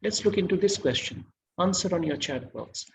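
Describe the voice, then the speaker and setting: A man's voice: sits high, animated, moderate pace, a little hiss or hum, low-quality recording. A man giving an online masterclass lecture, quizzing his audience and praising their answers.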